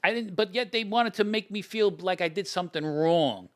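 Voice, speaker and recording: An older man, casually telling stories about old friends, animated, acting out quoted lines and often restarting his sentences. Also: high-pitched, normal speed. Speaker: podcast guest telling stories. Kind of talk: casual storytelling.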